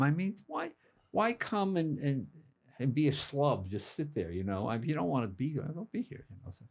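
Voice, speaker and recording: An older man, a comedian guest, telling casual anecdotes with quick asides and acted-out quotes. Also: fairly high pitch, very animated, vocal fry. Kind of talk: casual storytelling.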